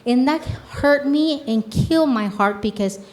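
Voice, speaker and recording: A woman's voice: high voice, a little slow, darkish tone. A woman from Mexico, a native Spanish speaker with a Mexican Spanish accent, asking a question at a public forum. She works as a community health program director and speaks in an earnest, story-driven way, often adding "right?".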